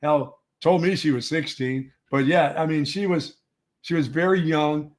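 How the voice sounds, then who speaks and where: A man's voice: fairly high pitch, fairly even intonation, measured pace. A man co-hosting a sports radio show, telling rambling stories in casual banter and often restarting his words.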